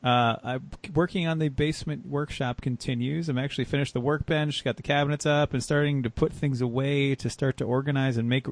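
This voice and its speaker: A man's voice: mid-range voice, fairly even intonation, a little fast, hardly any pauses. A man hosting a casual car podcast, telling wry stories with many restarts. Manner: rambling, wry storytelling with restarts. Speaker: podcast host.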